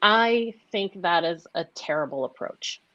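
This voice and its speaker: Woman making her case calmly, lower voice, dull dry sound. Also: measured pace, dry recording. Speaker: podcast panelist. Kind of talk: casual group discussion.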